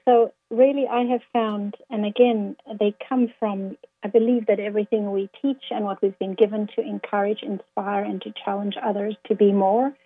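A woman guest speaker talking earnestly in a faith-based interview, quoting scripture to motivate listeners. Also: medium pitch. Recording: tinny phone-like line.

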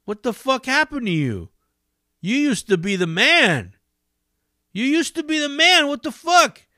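Man acting out a jeering young man, high strained voice, loud, insulting, mocking. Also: sing-song, unhurried, dry recording, clean studio sound, heavily acted. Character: jeering young man taunting a former classmate.

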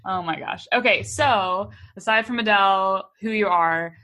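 A woman's voice: mid-range voice, a little slow, bright, forceful tone. A woman hosting a podcast, upbeat and enthusiastic, often chiming in with affirmations. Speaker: podcast host. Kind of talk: casual podcast conversation.

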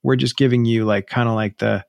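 A man co-hosting a podcast, his voice gravelly at mid pitch. He chats casually and rambles, often restarting his phrases. The sound is close and dry. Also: fairly even intonation, fairly quick, darkish tone, dry recording, highs cut off. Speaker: podcast co-host. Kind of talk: casual chat.

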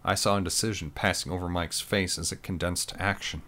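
A man narrates a war story in the first person, reading in a steady, descriptive manner. His voice is very low and deep. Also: fairly quick.

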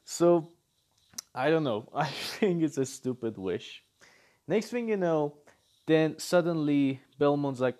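A man ranting his way through casual reaction commentary, animated and disbelieving. His voice sits a little higher than most men's. He keeps throwing out rhetorical questions. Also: slow pace. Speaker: anime and manga commentator.

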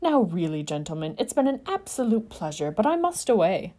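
A woman's voice: mid-range voice, sing-song, brisk, warm tone, voice pushed up. A woman voicing a posh young male wizard under a spell, speaking with vacant, saccharine politeness. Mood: prim. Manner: prim, saccharine, old-fashioned courtesy.

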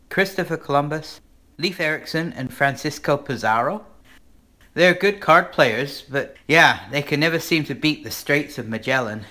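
Bright-voiced guy doing a podcast, tells jokes and laughs at em, bouncy delivery. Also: medium pitch, a little hiss or hum. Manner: chuckles at his own jokes. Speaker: podcast host. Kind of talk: comic podcast monologue.

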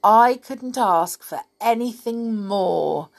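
A woman voicing a timid, gentle little storybook man with a soft, hesitant manner. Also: medium pitch, animated, slow, creaky. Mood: grateful.

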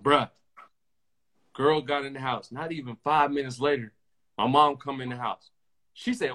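A young man hosting a casual podcast, talking in slang and telling animated stories with lots of repeated phrases. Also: a little high, normal speed. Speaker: podcast host.

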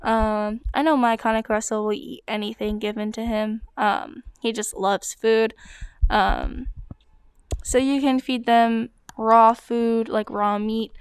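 A dog blogger answers breed questions in a casual Q&A vlog, chatty and full of hesitant fillers. Her slightly high voice is exceptionally clear and smooth, and the recording is dry with no room echo.

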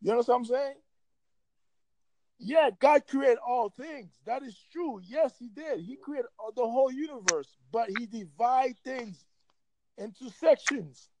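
High-pitched gravelly man ranting profanely. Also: lively intonation, normal speed, noisy background. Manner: heated, profane, emphatic ranting. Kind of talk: casual opinionated chat.

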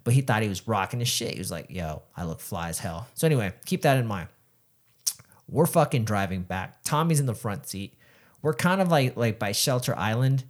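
A man's voice: mid-range voice, a little fast. A young man co-hosting a podcast, telling rowdy stories in casual chat, swearing freely and acting out the people in them. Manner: profane, animated, acts out quoted voices. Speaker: podcast co-host.

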